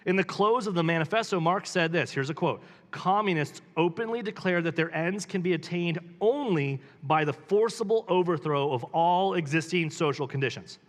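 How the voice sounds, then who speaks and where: A man reads passages from a book and stops to comment on them. His voice sits a little high, and he asks pointed rising questions between the quotes. A long reverb tail hangs behind his words. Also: animated, moderate pace, hardly any pauses. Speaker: pastor. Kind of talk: live book reading with commentary.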